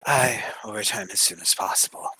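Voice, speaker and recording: A man's voice: fairly low pitch, fairly quick, bright, forceful tone, a little hiss or hum, pitched below the performer's own voice, poor audio. Man playing a solemn departing commander.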